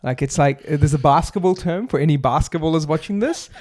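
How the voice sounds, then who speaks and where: A man's voice: fairly high pitch, quick pace, darkish tone. A man, a property agency founder explaining investing on a podcast in emphatic runs of points. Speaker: buyer's agency founder, guest. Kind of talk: fast explanatory podcast talk.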